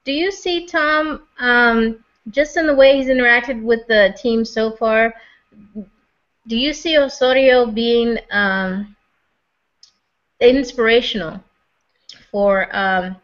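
In this dull, lo-fi recording, a woman co-hosts a casual podcast discussion, her voice a little high, slow and a bit bright, with long pauses. She asks long, rambling questions full of restarts and fillers.

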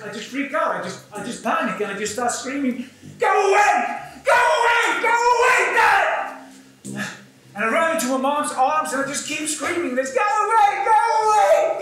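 A high, bright-toned man with an Icelandic accent recounts his own story on stage in an earnest, confessional way. His voice rings through a large echoey theatre and is caught from some distance away, with hall sound all around it. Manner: earnest, confessional, breaks into brief laughs. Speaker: community theatre performer.

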